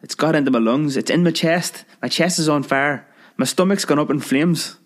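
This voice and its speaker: Narrator voicing a gasping, panicked lover, raised pitch, melodramatic. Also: male voice, normal speed, lightly acted. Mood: panicky. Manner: choking, panicky. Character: self-important man, sweetheart of the older woman.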